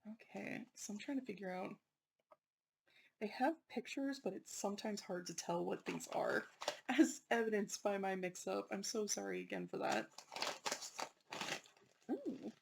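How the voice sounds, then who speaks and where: A woman hosting her own unboxing channel, talking casually and excitedly about snacks, often apologizing and laughing. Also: mid-range voice, measured pace, creaky, long pauses, noisy background.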